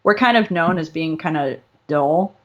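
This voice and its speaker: A woman's voice: low voice, lively intonation, measured pace, muffled recording. Casual swearing young woman co-host. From Southern California. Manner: casual, swears freely, playful. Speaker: podcast co-host. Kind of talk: casual chat.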